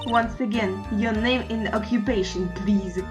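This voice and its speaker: A woman's voice: mid-range voice, steady tone, a little slow, close to an everyday voice. A woman voicing a young, arrogant female prosecutor, speaking in a cold, pompous, clipped way over game music. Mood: haughty.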